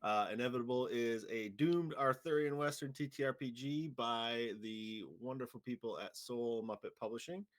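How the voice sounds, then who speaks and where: A man acting as game master, opening a tabletop game show in a relaxed way with lots of small fillers and chuckles. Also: medium pitch, normal speed, hardly any pauses. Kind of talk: casual show introduction.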